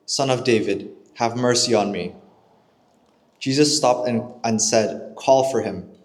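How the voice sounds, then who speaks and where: A man giving a steady, measured Bible reading aloud in church. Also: medium pitch. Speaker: scripture reader.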